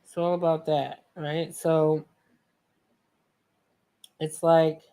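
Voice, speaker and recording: A woman with a New York accent talks through a painting tutorial in a slow, unhurried way. Her voice sits a little low. She is chatty and playful and speaks to viewers as if they were friends. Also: level tone, warm tone. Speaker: art tutorial host. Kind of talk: casual painting tutorial chat.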